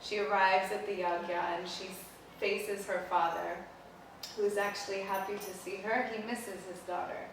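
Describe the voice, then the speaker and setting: A spiritual teacher and pilgrimage leader retells an old myth outdoors beside a temple, in a casual, animated storytelling lecture packed with "like." Her mid-range voice comes at a moderate pace from far off the mic. The space echoes strongly, with faint ambience underneath and a noisy background.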